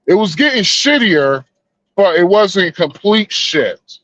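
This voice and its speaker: A man's voice: sits high, very animated, slow pace, a bit bright, no echo, highs cut off. A man with a Southern US accent trading crude, laid-back stories as a podcast co-host. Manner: laid-back storytelling with slang and profanity. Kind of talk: casual crude banter.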